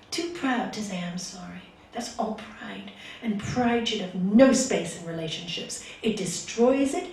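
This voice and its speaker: A woman's voice: mid-range voice, a little mellow, slight background noise. A woman spiritual teacher giving an earnest talk to a gathering, asking many rhetorical questions, recorded from far off in an echoey hall. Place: meeting hall.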